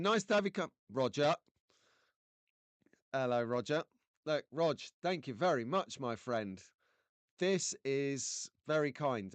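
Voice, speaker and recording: Man, English, live stream host, casual joking chat, smooth, close and dry. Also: fairly high pitch, no room sound. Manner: chatty, jokey, greets viewers by name.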